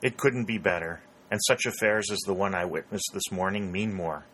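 A man's voice: low-pitched, normal speed, a bit bright, breathy edge, rough recording. Man reading as a shrewd elderly contractor. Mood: self-assured. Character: elderly rotund male war contractor, shrewd and alert.

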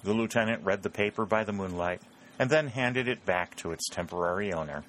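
A man narrating an audiobook in a measured, steady way. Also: on the low side, slight background noise.

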